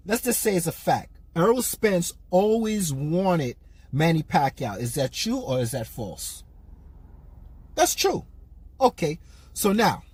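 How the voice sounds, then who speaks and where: A man talking casually as a boxing vlogger, ranting in an animated way, repeating himself and firing off rhetorical questions. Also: sits high, breathy edge, no room sound. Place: in a car while parking.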